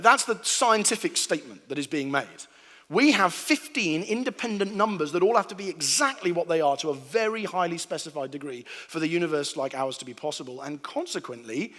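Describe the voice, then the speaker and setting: Animated man preaching in a hall. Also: fairly high pitch. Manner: animated storyteller, acting out sounds and voices. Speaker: preacher giving a talk. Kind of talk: humorous sermon to a live audience. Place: large hall before an audience.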